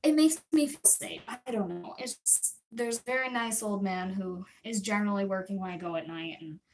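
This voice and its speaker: A young adult woman livestreamer telling a story to her chat in a rambling, chatty way, full of quick asides. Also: medium pitch, fairly even intonation, a little hiss or hum. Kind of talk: casual storytelling to live chat. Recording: voice a bit distant from the mic.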